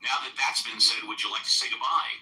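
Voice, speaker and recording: A man's voice: mid-range voice, fairly even intonation, brisk, sharp tone. A man hosting a live audio chat room, blunt and combative with a caller. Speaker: host. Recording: roomy, distant mic, faint noise.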